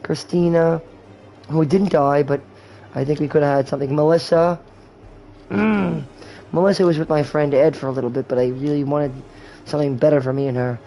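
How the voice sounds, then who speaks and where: A man's voice: fairly high pitch, steady tone, brisk, dark tone, slight background noise, poor audio. A man in his twenties talking in a rambling, candid way and swearing often, while hosting a gaming livestream. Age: 20s. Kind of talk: rambling casual chat.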